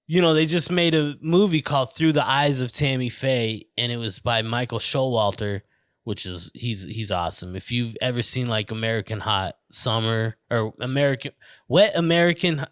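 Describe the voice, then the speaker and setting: A man's voice: mid-range voice, normal speed, fairly bright tone, clear, resonant tone, no room sound, studio quality. A man from the American Southwest hosting a podcast, a little drunk, rambling, swearing and stumbling over his words. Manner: profane, stumbling, tangent-prone. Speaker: podcast host. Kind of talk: casual rambling podcast monologue.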